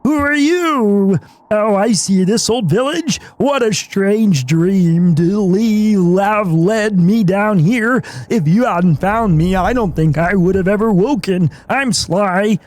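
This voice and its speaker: A man's voice: high-pitched, takes it slowly, darkish tone. A man doing a nerdy old bug shopkeeper. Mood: polite. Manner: nerdy, fussy put-on voice. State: hoarse from illness. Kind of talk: reading game dialogue aloud.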